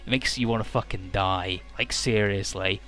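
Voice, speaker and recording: A man giving casual, rambling gameplay commentary in a low-key, mumbly way. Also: steady tone, normal speed, a bit bright, soft background music. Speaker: let's play host.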